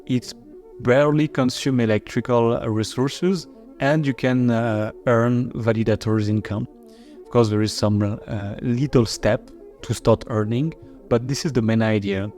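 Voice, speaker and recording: A man's voice: medium pitch, fairly even intonation, unhurried, darkish tone, soft background music. A man with a French accent, a marketing chief, explaining his project in a casual podcast, with many fillers and restarts.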